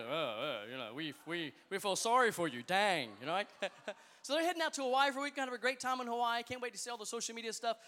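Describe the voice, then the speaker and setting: High-voiced, quick, playful youth pastor. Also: male voice, sharp tone, big-room sound. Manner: upbeat, playful, joking with the audience. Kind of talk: energetic crowd hype talk. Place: large hall with a live youth audience.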